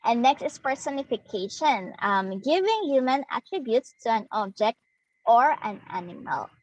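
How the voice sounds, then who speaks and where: Higher-voiced young woman teaching. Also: expressive, normal speed, rough recording. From Philippines. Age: young adult. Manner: explains step by step, acts out sounds. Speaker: student teacher. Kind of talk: demo lesson on figures of speech.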